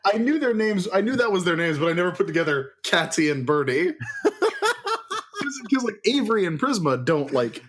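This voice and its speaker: A man's voice: sits high, wildly swooping pitch, moderate pace, fairly bright tone, a little hiss or hum. A man hosting a podcast, introducing the episode and chatting in an upbeat, playful way. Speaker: podcast host. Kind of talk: casual podcast chat.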